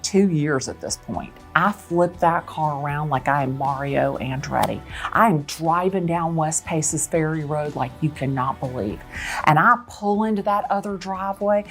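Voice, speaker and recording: A woman who sells real estate, telling a dramatic story in an expressive way. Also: low-pitched. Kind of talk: animated storytelling.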